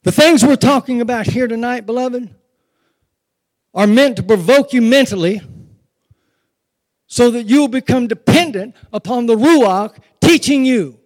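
A man's voice: very high-pitched, measured pace, pauses often. A man preaching a sermon, calling on the congregation to repeat words back and dramatically retelling scenes. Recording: long hall reverb.

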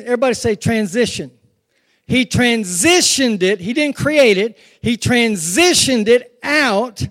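A man's voice: very high-pitched, fairly bright tone. A man preaching a sermon, calling on the congregation to repeat words back and dramatically retelling scenes. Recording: long hall reverb.

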